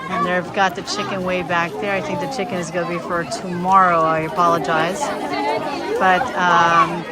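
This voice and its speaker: A woman's voice: lowish voice, flat delivery, normal speed. A woman reporting on location at a school food event, chatting cheerfully off the cuff. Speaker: field reporter. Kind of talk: live on-location commentary. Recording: loud crowd noise around her. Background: loud chatter of many students.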